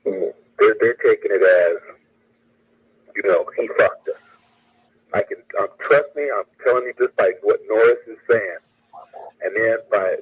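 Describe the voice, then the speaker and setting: A man's voice: fairly low pitch, breathy edge, muffled recording. A man hosting a casual live commentary, repeating phrases and restarting sentences as he talks. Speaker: show host.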